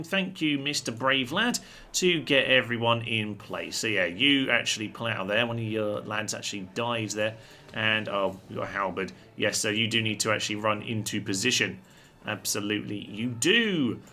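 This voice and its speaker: A man's voice: fairly low pitch, sharp tone, a little hiss or hum. A man hosting a gaming channel, giving chatty, wry commentary on a strategy game as he thinks aloud.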